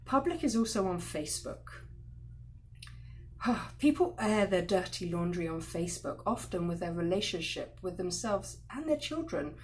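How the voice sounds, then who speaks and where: An expressive woman leads a class on respect in marriage and family. She teaches with energy and acts out the voices of the people in her examples with sudden loud bursts. Her voice sits at a middle pitch. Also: moderate pace, a little hiss or hum.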